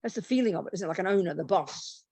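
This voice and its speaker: A woman's voice: fairly low pitch, expressive, rapid-fire, a little mellow, husky, no room sound. A woman, a Buddhist nun, teaching a meditation retreat in a blunt, plain-spoken and humorous way.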